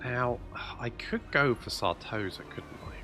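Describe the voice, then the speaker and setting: A man's voice: medium pitch, unhurried, music in the background. A man commentating his own strategy game play, thinking aloud and muttering asides as he goes. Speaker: gameplay commentator.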